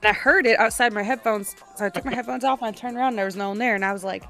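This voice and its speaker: A woman co-hosting a podcast, chatting casually and telling stories with frequent laughs, her voice a little raspy. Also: a little high, very fast, bright, forceful tone, faint music behind. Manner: chatty, storytelling, laughs often. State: slightly raspy voice. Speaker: podcast co-host. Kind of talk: casual chat.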